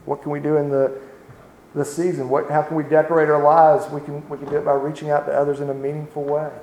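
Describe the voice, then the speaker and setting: A man preaching an Advent sermon in a relaxed, conversational way, often pausing and restarting his sentences. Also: on the high side, a little hiss or hum. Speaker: pastor.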